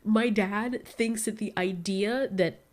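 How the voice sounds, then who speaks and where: A young woman in casual chat, telling lively stories and acting out what people said, often breaking into laughs. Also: mid-range voice, slow. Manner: animated storytelling, acts out quotes with laughs. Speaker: vlogger.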